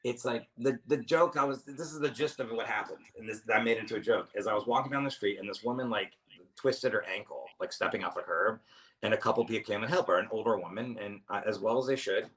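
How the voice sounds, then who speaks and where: A man's voice: on the low side, quick pace, a bit bright. A man, a comedian guest, telling stories in a casual chat, rambling, restarting and swearing freely. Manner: rambling, self-interrupting storyteller, swears freely.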